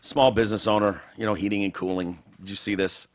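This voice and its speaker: A man hosting a casual podcast, telling crude, profane stories with big jumps in pitch. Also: steady tone, quick pace. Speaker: podcast host.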